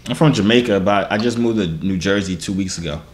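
A man's voice: lowish voice, quick pace. A man hosting a flirty video-chat vlog, playfully slipping into a put-on Jamaican patois. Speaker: host. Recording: echoey room with faint noise.

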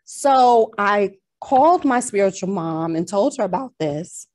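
A woman from Long Island with a New York accent, telling a personal faith story in a casual chat as a podcast co-host, animated and slipping into a New York drawl. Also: mid-range voice, unhurried.

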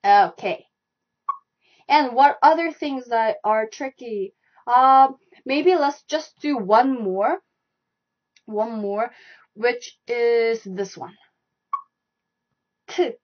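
A young woman leads a live online language lesson, talking through each stroke and repeating sounds again and again. Her voice sits slightly high. The stream audio is dull and lo-fi. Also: extremely slow, long pauses. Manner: repetitive, demonstrating sounds and strokes aloud. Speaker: Korean language teacher.

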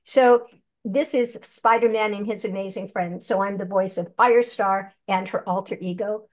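A veteran actress and voice performer, an older woman with a mid-range voice and moderate pace, is being interviewed conversationally. She tells her stories with animation and chattiness, acting out the lines people said.

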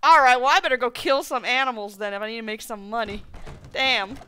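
A high, bright and smooth female voice, a woman streaming a game and rambling aloud to herself as she goes. Her talk is loose and playful, full of folksy slang. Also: brisk. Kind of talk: live gameplay commentary.

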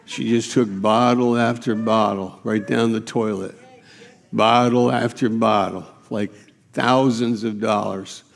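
A man's voice: on the low side, steady tone, slow pace, creaky, long reverb tail. A man preaching a sermon as pastor, with emphatic, repetitive preaching in a church sanctuary.

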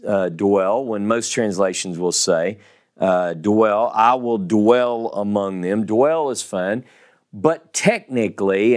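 A man with a Southern US accent teaching the Bible, slow and emphatic, repeating key words to stress them. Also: on the low side. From American South.

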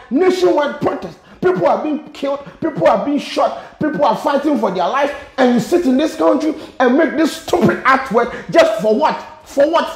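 A man's voice: extremely high pitch, reverberant, low-quality recording. A man with a Ghanaian accent, vlogging an exasperated, profane rant with lots of repetition. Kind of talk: angry rant to camera.

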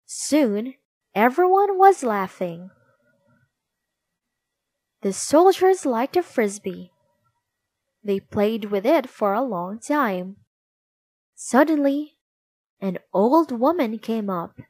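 A woman reads a children's storybook aloud, slow and expressive. Her voice is fairly high, with plenty of movement in pitch. The recording is close and dry. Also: dry recording. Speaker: narrator.

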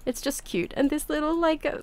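A woman hosting a gaming channel, giving casual, chatty gameplay commentary with lots of quick exclamations. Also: high-pitched, darkish tone.

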